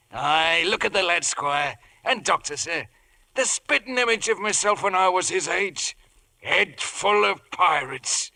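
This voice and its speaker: Long John Silver, gravelly pirate. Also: male voice, high voice, sharp tone, heavily acted. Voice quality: gravelly West Country pirate brogue. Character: hearty scheming one-legged pirate cook, male. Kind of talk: 1950s radio drama acting.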